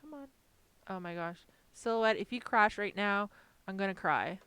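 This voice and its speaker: A woman chatting casually as she designs stickers live, poking fun at herself and coaxing her software along. Her voice is smooth and clear at an ordinary middle pitch. The sound is close and dry, with no room echo. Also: normal speed. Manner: chatty, self-deprecating, talks to her software. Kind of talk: casual live-stream chat while working.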